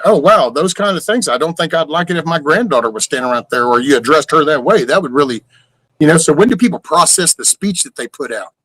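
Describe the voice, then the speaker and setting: A man's voice: fairly high pitch, lively intonation, quick pace, a bit bright, no room sound, low-quality recording. An older man with a drawl, hosting a casual livestream and ranting in rambling, profane rhetorical questions. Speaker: livestream host.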